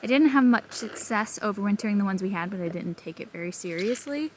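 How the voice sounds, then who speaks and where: Walking around her farm, a woman vlogs in a casual, rambling way, a little out of breath and laughing now and then. Her voice is medium in pitch and quick, recorded outdoors with slight background noise.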